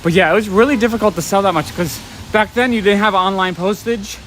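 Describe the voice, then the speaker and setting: A New man with a fairly high voice rambles casually as he walks and streams from his phone. He sounds a little short of breath at times. Faint street traffic hums behind him outdoors. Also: fairly quick, a bit bright. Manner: rambling, talks while walking, out of breath at times. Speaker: comic shop owner vlogger. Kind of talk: casual live-stream walk and talk. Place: outdoors on a rainy city street at night.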